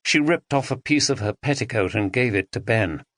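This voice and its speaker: A man narrating an audiobook thriller, expressive and dramatic, on a close studio mic. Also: mid-range voice, normal speed, no echo. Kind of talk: scripted narration.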